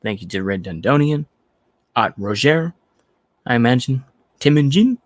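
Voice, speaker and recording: A man's voice: mid-range voice, lively intonation, moderate pace, no echo. A man from the United States hosting a livestream in casual chat, rambling, repeating himself and trailing off into fillers. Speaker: livestream host.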